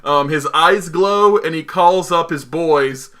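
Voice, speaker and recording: A young man co-hosting a casual podcast chat, excitable and quick to swear and laugh. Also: a little high. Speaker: podcast co-host.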